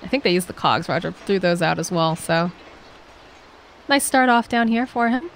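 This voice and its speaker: A woman casting a live esports match, chatty and quick to laugh, acting out what the players might be thinking. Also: fairly low pitch, expressive, slight background noise. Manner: chatty, laughs easily, acts out players' thoughts. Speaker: esports caster. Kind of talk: live play-by-play commentary.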